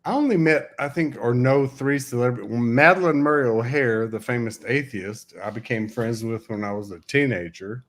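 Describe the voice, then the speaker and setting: A man in his sixties hosts a casual livestream, spinning stories in a wry, joking way. His voice sits at an ordinary mid pitch. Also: normal speed, hardly any pauses. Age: 60s. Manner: chatty storyteller, wry and joking.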